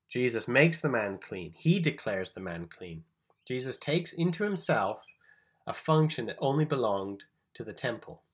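A man with a husky, slightly breathy voice at an ordinary middle pitch gives an explanatory sermon. He talks things through, often pausing to ask his listeners "right?" and recasting scripture in his own loose words. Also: big pitch swings. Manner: thinks aloud with restarts, paraphrases scripture informally. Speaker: Bible teacher. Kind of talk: expository sermon, conversational.

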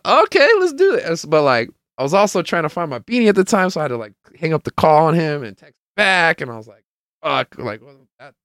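A man's voice: medium pitch, fairly bright tone, smooth, no echo, studio quality. A man hosting his own podcast, telling a casual, rambling, profane story that is full of laughs and acted-out quotes. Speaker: podcast host.

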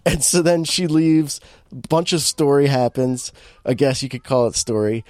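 A man rambles through a comic movie recap, sarcastic and loose, with many fillers. His voice sits at a medium pitch. The sound is dry, with no room echo. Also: normal speed, a little mellow.

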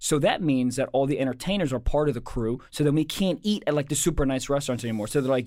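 A man's voice: mid-range voice, expressive, fast talker, hardly any pauses, darkish tone, no echo, studio quality. A man who works as a comedian, telling a story in a casual chat with frequent restarts.

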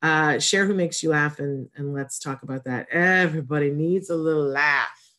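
A woman's voice: deep voice, moderate pace. Chatty rambling woman host. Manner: rambling and warm-hearted, with frequent self-interruptions. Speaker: host of an autism community show. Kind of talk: casual chatty monologue to viewers.

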